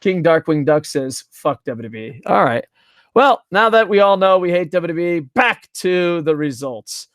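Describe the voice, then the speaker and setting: A man's voice: on the high side, lively intonation, a little slow, fairly bright tone, dry recording, studio quality. A young man casually reviewing wrestling on a live stream at a home desk microphone, rambling, swearing and reading chat messages aloud.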